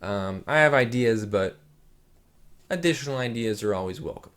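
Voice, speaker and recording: A young man with a mid-range voice and normal speed hosts his channel, casually reacting to pictures. He rambles in a relaxed way, dropping "like" as filler again and again.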